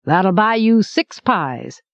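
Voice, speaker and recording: Lady doing a blunt teasing baker guy, slow, dry close sound. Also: medium pitch, expressive, dry recording, highs cut off. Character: gruff teasing male baker journeyman, middle-aged.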